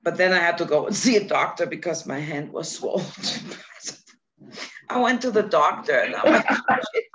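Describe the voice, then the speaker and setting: A woman chatting casually, telling a story with lots of laughter and lively acted-out quotes. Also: lowish voice, measured pace. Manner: animated storytelling, laughs often. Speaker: guest. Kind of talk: casual chat. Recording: dull lo-fi sound, faint noise.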